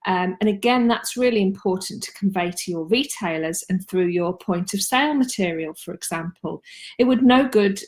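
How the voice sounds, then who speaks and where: A woman's voice: mid-range voice, normal speed. A woman, talking casually and practically about marketing tips on a live stream, with frequent ums. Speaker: marketing consultant and host.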